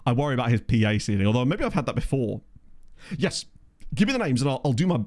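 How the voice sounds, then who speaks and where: A man's voice: mid-range voice, big pitch swings, quick pace, darkish tone. A man hosting a casual let's play, chatting and musing aloud as he plays and reads the live chat, on a USB condenser mic. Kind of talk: casual gameplay commentary.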